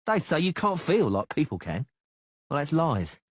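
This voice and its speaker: Casting: male narrator doing a cocky, menacing sellsword, raised husky voice, sneering. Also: fairly high pitch, sing-song, normal speed, dry recording, voice pushed up. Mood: taunting. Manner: taunting, sneering. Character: swaggering male mercenary, mocking and menacing.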